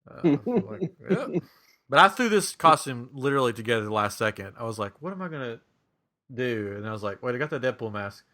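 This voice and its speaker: A man's voice: mid-range voice, brisk. A middle-aged man co-hosting a casual podcast, telling stories with lots of laughter and putting on a raised voice for the people he quotes. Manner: animated, acts out quotes in a raised voice, laughs often. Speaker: podcast co-host. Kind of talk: casual chat, storytelling.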